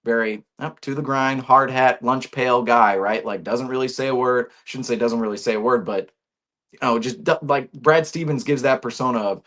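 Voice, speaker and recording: A man's voice: medium pitch, normal speed. A man hosting a sports talk show, giving his opinions in a casual, ranting way, full of restarts and rhetorical questions. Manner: animated, ranting, many restarts and rhetorical "right?". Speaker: sports podcast host.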